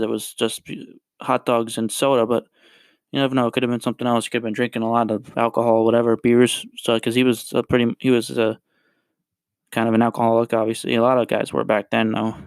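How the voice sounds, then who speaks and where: Man smooth, dry-sounding podcast host. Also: medium pitch, no echo. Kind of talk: casual solo podcast talk.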